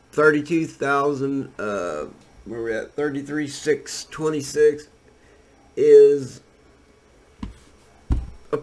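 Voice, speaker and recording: Rambling laid-back man talking crypto charts. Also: medium pitch. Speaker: crypto trading commentator. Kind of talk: casual screen-share commentary.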